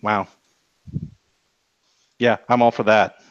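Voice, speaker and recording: A man's voice: on the low side, flat delivery, slow, clear, resonant tone, dry recording. A man chatting casually on a podcast, hesitant, often restarting his sentences. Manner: hesitant, many restarts and fillers. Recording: dull lo-fi dry sound.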